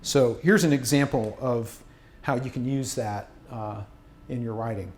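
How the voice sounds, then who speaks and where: A man of middle pitch gives a workshop talk on writing, chatty and self-deprecating. He often stops and restarts a sentence mid-thought. The recording picks up the echo of the room. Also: measured pace, darkish tone, a little hiss or hum. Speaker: university communications workshop presenter. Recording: echoey room.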